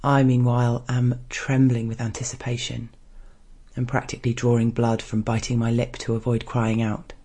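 A man reading a first-person erotic story aloud in a soft, hushed, restrained way. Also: mid-range voice, monotone, normal speed. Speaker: story narrator.

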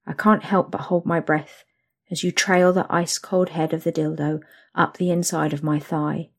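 A young woman narrating an intimate second-person story, soft and slow. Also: low-pitched, level tone.

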